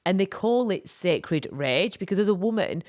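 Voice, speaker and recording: A podcast co-host with a mid-range voice and normal speed tells a personal story. Her casual storytelling is animated and rambling, packed with fillers.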